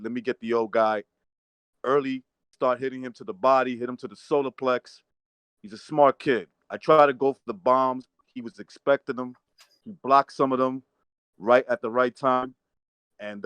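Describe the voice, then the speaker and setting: A man's voice: mid-range voice, a bit bright, no room sound. A man hamming up a beaten boxer's post-fight interview, with over-the-top humility and pleading. His voice sits in a middling register, and the sound is dry and close. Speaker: trivia contestant playing a defeated boxer.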